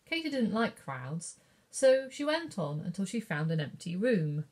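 Animated woman reading to children. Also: mid-range voice, measured pace. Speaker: librarian. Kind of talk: children's story time reading.

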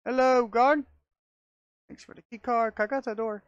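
Excitable woman narrating her gameplay. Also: on the high side, moderate pace, no echo, muffled recording. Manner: excitable, talks to herself, laughs often. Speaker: gamer. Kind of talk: casual gameplay commentary.

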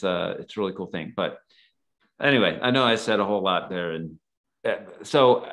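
A man's voice: sits low, fairly bright tone. A man guest on a podcast, telling stories in a casual, rambling way full of fillers. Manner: rambling, filler-heavy, acts out quoted dialogue. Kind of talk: casual storytelling.

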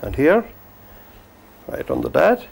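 A man teaching a painting demonstration, gently coaxing the brushstrokes as if talking to the paint. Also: a little high, sing-song, slow pace, creaky, husky. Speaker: painting instructor.

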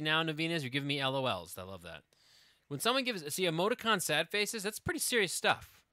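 Male streamer, casual co-host. Rambling, chatty delivery, very bright tone, dry close sound. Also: on the high side, dry recording. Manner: rambling, chatty, trails off and restarts mid-thought; playful, reads silly word-game text with mock seriousness. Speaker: live streamer co-hosting with his wife. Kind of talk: casual live-stream chat and comic reading aloud.

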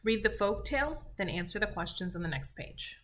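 Woman teacher, reading aloud to a class, clear deliberate delivery, bright tone. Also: mid-range voice, animated. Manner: clear deliberate read-aloud, reads answer choices slowly.

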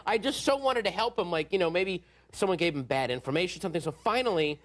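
A man in his thirties, a comedian guest on a talk show, telling a story animatedly and acting out voices, sometimes shouting. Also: high-pitched, lively intonation, quick pace, slight background noise. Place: TV studio with live audience.

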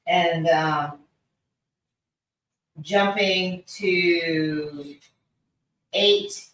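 A low-voiced woman reads her study notes aloud, slowly and haltingly. She sounds far from the microphone, and her voice rings with a strong echo. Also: fairly bright tone. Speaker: study group member. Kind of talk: reading study notes in group discussion.

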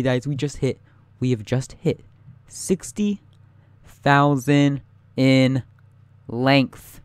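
A young man giving live gameplay commentary, excitable and panicky, talking straight to his viewers. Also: mid-range voice, smooth, no echo. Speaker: gaming YouTuber.

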